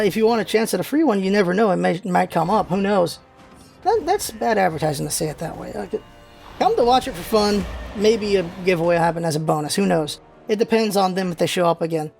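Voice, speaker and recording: A man's voice: sits high, vocal fry, a little mellow. A man hosting a casual vlog, rambling loosely with many fillers and restarts. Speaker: vlog host. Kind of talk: casual chat.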